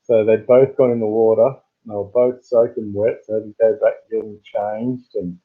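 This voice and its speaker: An Australian man hosting a casual live stream, rambling and greeting chat viewers in sudden high bursts. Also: level tone, moderate pace. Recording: tinny phone-like sound.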